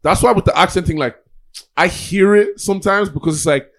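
Young-sounding male podcast co-host, blunt, teasing banter, slightly high voice. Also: fairly quick. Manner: blunt, teasing, says bro a lot. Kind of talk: casual chat.

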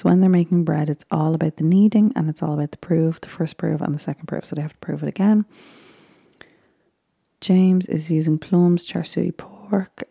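Low, husky Irish woman chatting softly. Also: no echo. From Ireland. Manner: chatty and rambling, drifting into soft whispers. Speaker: recapper commentating a baking show. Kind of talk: casual chat, often whispered.

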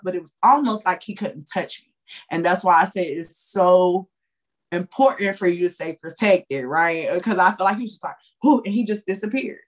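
A woman tarot reader chatting as a podcast guest, her voice sitting at an everyday middle pitch. She tells her story in a loose, lively, conversational way with plenty of slang. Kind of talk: casual storytelling.

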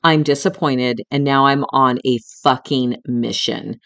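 A woman's voice: extremely low pitch, fairly even intonation, unhurried, a bit bright. A middle-aged woman hosting a podcast, telling a personal story in a candid, emotional way, with some swearing and talking straight to the listener as a friend. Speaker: podcast host.

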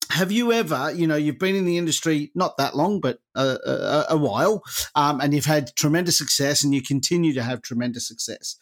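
A man hosting a podcast, asking questions and agreeing warmly with his guest. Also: a little high. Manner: friendly, affirming interjections. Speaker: podcast host. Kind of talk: casual podcast interview.

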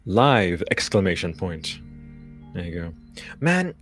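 A man's voice: low-pitched, sing-song, slow, fairly bright tone, faint music behind. A man in his thirties hosting a live stream, chatting casually in a loose, profane, hyped-up way. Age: 30s. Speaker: podcast host.

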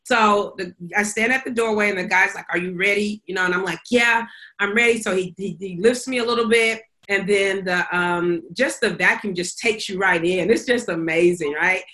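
A woman's voice: medium pitch, moderate pace, few pauses, fairly bright tone. A woman co-hosting a podcast, telling a story in casual chat, acting out quotes and laughing often. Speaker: podcast co-host.

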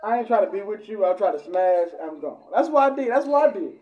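A man's voice: high-pitched, lively intonation, highs cut off. A man in a casual podcast debate, talking over others and repeating himself as he makes his point. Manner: fast, repetitive, interjecting.

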